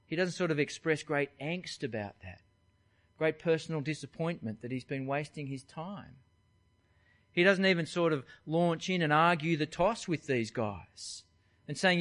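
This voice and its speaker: A man's voice: a little high, animated, moderate pace, fairly bright tone. A man, preaching by talking through a Bible passage verse by verse in a conversational way. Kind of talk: expository Bible teaching.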